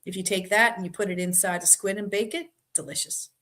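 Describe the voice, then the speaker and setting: A Boston woman with a Boston accent hosts a trivia live stream, chatting easily and reading viewer comments aloud. Her mid-range voice is a bit bright and fairly even, and she talks fast.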